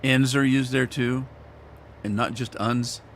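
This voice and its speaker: Regular guy, middle pitch, rambles on folksy while he plays farm game, no rush. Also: fairly even intonation, slow, fairly bright tone, slight background noise. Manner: rambling, folksy, chatty asides while playing. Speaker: gaming channel host. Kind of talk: casual let's-play commentary.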